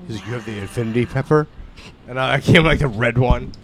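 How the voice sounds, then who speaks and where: A man telling a story in casual chat, swearing, restarting his sentences and getting louder as he goes. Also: medium pitch, fast. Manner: loud, profane storytelling with frequent restarts.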